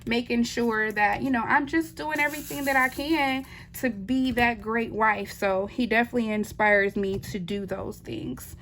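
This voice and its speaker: A woman's voice: on the high side, normal speed, few pauses, fairly bright tone. A woman, a wife and mother, chatting casually while she works on a craft. She answers viewer questions, laughs easily and keeps saying "y'all.". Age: adult, wife and mother. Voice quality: chatty, laughs often, says "y'all" a lot. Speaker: diamond painting channel host.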